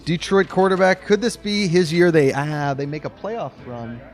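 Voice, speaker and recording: A man's voice: on the high side, normal speed. A man hosting a fantasy football draft, announcing picks and joking with the players. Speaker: draft host. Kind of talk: lively draft emceeing.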